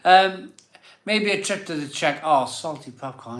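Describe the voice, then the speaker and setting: A man a little tipsy from drink hosts a live beer show, his rambling chat packed with fillers, restarts, and self-doubt. He speaks unhurriedly in a high-leaning, animated, fairly bright voice, and the audio is reverberant.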